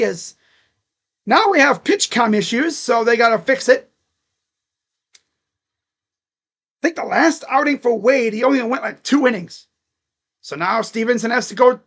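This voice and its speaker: A man calling a ball game live as a fan from his room at home, excitable, chatting to viewers and shouting at the players. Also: extremely high pitch. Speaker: fan streamer calling play-by-play. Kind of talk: live fan reaction and play-by-play. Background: dogs barking.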